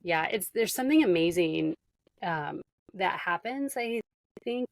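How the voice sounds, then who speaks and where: Woman podcast host; lowish voice, dry close sound, affirming and chatty. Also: expressive, measured pace, creaky, dry recording. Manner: affirming, emotional, "you know" fillers. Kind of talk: casual interview chat.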